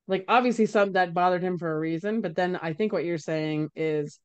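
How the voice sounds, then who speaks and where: A woman's voice: on the low side, a little fast, smooth, dry recording, dull audio. A woman co-hosting a podcast, talking things through in a casual, reflective way with playful quips. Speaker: podcast co-host. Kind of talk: casual chat.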